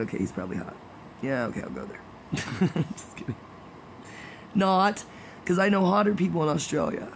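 A man's voice: a little high, gravelly, background noise. A man in a rambling, casual monologue, jokey and gossipy with meandering asides.

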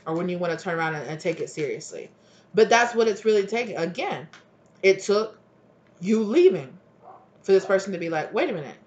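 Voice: medium pitch, lively intonation, brisk, muffled recording. Rambling tarot reader acting out scenes. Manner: rambling, acts out dialogue of both partners; filler-heavy with many likes and restarts. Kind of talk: solo tarot reading to camera.

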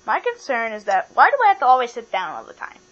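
A woman voicing a fussy penguin toy who complains in rushed bursts. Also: fairly high pitch, huge pitch swings, a bit bright. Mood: complaining. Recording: dull lo-fi with mains hum.

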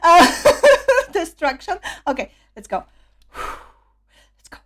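A woman's voice: extremely high pitch, big pitch swings, slow pace, a little hiss or hum. A woman hosting a fan reaction video, gushing and laughing while saying she is losing her voice. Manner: gushing, squealing, laughing often. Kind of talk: excited fan reaction vlog. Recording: concert music and crowd playing loudly behind. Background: fancam concert audio with music and crowd.

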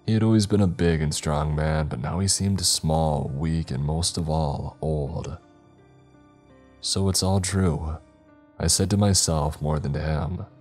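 A man giving first-person scripted narration of a horror story in a measured, grim way. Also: extremely low pitch, darkish tone. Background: faint music.

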